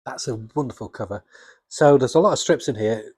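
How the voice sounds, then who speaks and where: A man with a husky voice chatting casually and enthusiastically about comics, rambling with restarts. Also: mid-range voice, a little fast, darkish tone, no echo. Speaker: comics vlogger. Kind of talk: casual chat.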